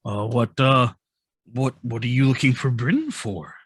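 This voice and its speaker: A man's voice: medium pitch, measured pace, slightly rough, dry recording. A man voicing a large, good-natured older baron gushes with enthusiasm. The voice sits mid-range, dry and close, with no room sound. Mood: sympathetic. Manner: effusive, apologetic, warmly enthusiastic. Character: jovial big older male baron.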